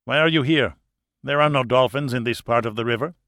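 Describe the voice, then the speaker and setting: Guy reading a sneery french crime boss, cold and mocking, calm middle pitch, dry close sound. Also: quick pace, no room sound, natural voice. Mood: contemptuous. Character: cold, contemptuous French criminal boss man.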